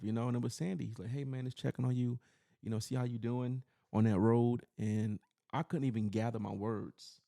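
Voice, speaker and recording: A podcast host from New York City tells his own story in a loose, rambling way. His mid-pitched voice has a gravelly, creaky edge. He sounds earnest and keeps filling gaps with "you know.". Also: fairly even intonation, a little fast, warm tone. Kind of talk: personal storytelling in casual chat.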